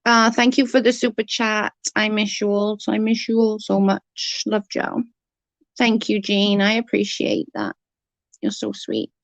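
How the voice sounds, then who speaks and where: A chatty woman hosting a live stream from home, answering her viewers as their messages come in. Her voice sits at a middle pitch and sounds close and dry, with no room echo. She talks bluntly and swears when something annoys her. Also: level tone, a little slow, vocal fry, dull audio. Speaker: livestream host. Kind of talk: casual live-stream chat.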